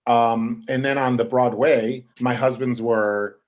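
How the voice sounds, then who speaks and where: A man, a guest on a podcast, telling casual, animated anecdotes and quoting other people. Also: mid-range voice, slow pace. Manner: chatty, animated anecdotes with quoted voices.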